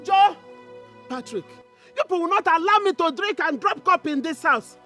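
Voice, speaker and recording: A woman's voice: very high voice, animated, normal speed, over loud music. An actress with a Nigerian accent playing an exasperated mother who scolds her quarrelling sons. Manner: scolding, complaining. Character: exasperated older mother of the brothers.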